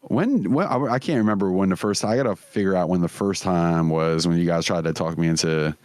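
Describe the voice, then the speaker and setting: Podcast co-host, male, low voice, loose and profane, dry close mic. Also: brisk, a little mellow, no room sound. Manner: profane, laughing, rambling. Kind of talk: casual chat.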